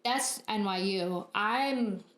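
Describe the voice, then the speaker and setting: A young woman in casual podcast chat, offering encouraging advice and a steady stream of "right"s. Her voice is at a middle pitch. It rings with the echo of a hard-walled room. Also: slow. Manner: supportive, advice-giving, frequent "right". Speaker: podcast co-host. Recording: echoey room.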